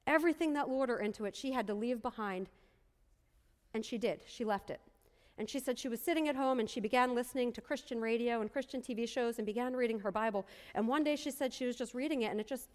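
A woman's voice: on the high side, in a large hall. A woman pastor preaching a sermon, telling a story earnestly and repeating phrases for emphasis.

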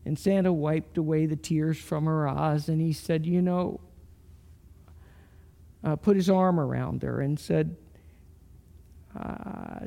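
Middle-aged male pastor, gravelly warm voice, unhurried earnest sermon storytelling. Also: on the high side, fairly even intonation. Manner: slow, storytelling, earnest with soft pauses.

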